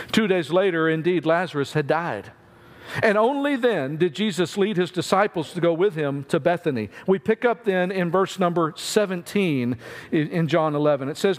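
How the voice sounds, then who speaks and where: High-voiced man preaching in a reverberant hall. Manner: conversational, acts out voices in retelling. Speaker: pastor. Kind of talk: Easter sermon.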